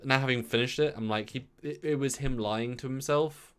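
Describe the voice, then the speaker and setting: At a moderate pace and medium pitch, a man with a clean tone co-hosts a casual episode review. He's chatty, tends to repeat words, and acts out quotations in lively asides.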